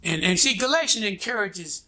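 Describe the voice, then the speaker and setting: A man's voice: high-pitched, lively intonation, moderate pace, vocal fry, bright, forceful tone. A man preaching a sermon in a call-and-response style, prodding his congregation with "what?" and "huh?" and waiting for them to answer. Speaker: pastor.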